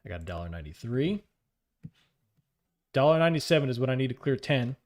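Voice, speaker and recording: A man's voice: mid-range voice, sing-song, fast talker. A man on a live trading stream, calling out prices, coaxing the market and joking with chat. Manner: talks to the market and reads chat aloud, joking and upbeat.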